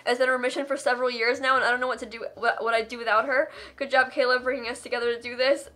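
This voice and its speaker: A woman's voice: a little high, level tone, racing, pushed and bright. A young woman streamer reading out donations and thanking viewers, tearful and laughing through tears, with gushing, affectionate thanks. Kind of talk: live charity stream.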